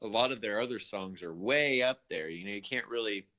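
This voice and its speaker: Male podcast co-host, bright forceful tone, rambling and loose. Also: fairly low pitch, a little fast. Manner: rambling, many fillers like "you know". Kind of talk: casual music discussion.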